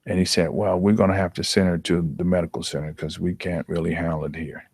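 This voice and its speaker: A man recounts a hard memory, earnest and halting, often starting his sentences over. His voice sits low. The sound is dry and close, with no room around it. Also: little pitch movement, a little mellow, breathy edge, no room sound. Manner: earnest, halting with repeated restarts. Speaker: athletic trainer, guest. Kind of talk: emotional personal storytelling.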